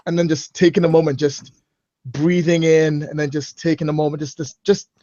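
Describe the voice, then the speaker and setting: High-voiced man describing his character. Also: a little mellow, dry recording, lo-fi sound. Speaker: player.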